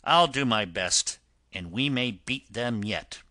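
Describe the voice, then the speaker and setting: A man's voice: medium pitch, lively intonation, takes it slowly, bright, forceful tone, dry recording. A man voicing a stern but kind-hearted engine driver who talks firmly in an audiobook reading. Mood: kindly. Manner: firm, instructing. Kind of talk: audiobook character voice.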